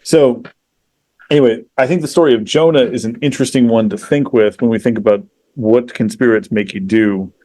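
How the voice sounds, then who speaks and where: A man with an ordinary mid-range voice talks in relaxed podcast conversation. He retells a story with lively energy and casual swearing, leaning on fillers like "you know" and "like." He slips into the voices of the people in the story as he goes. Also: medium pitch, a little fast, no room sound. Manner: animated, profane, acts out quoted characters. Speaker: podcast guest.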